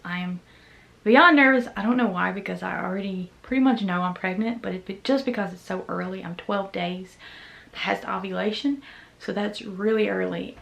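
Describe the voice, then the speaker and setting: A young woman, vlogging casually to camera, excited and nervous, with many gasped exclamations. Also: mid-range voice, creaky, roomy sound, poor audio. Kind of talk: casual vlog talk to camera.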